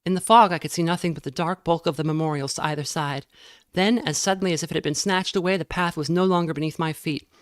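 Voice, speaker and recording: A woman's voice: low voice, fairly even intonation, dry recording, studio quality. A woman reading a novel aloud. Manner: measured reading with occasional slips and corrections. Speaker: reader.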